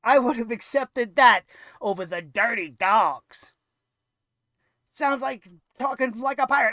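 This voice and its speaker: A wrestling show reviewer ranting sarcastically, swearing and now and then bursting into shouts. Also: medium pitch, normal speed, no echo, clean studio sound.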